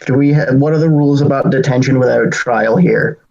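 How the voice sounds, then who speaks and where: A man playing a tabletop game, asking measured questions in casual play. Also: mid-range voice, fairly even intonation, gravelly, highs cut off, a crowd in the background. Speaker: player.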